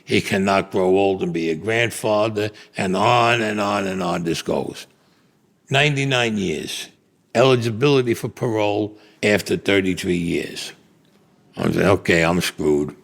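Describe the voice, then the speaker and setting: A man's voice: lowish voice, expressive, a little slow, creaky, dry recording. A man in his seventies with a Brooklyn accent, bluntly and profanely telling his own story and acting out the voices of others. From Brooklyn, New York. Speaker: interviewee recounting his life. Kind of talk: recorded interview storytelling.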